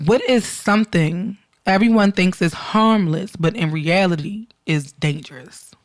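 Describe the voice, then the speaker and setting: A woman's voice: on the low side, unhurried. A middle-aged woman, co-hosting a podcast and telling family stories in casual chat, acting out dialogue and laughing often. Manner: animated storyteller, acts out dialogue, laughs often. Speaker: podcast co-host.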